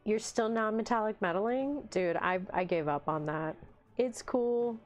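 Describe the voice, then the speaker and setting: Casting note: relaxed woman, mid-pitched, casual hobby livestream chat, faint music under her. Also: a little slow. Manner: chatty, talks to her pets in a baby voice and answers chat. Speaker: livestream host. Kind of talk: casual chat while painting miniatures.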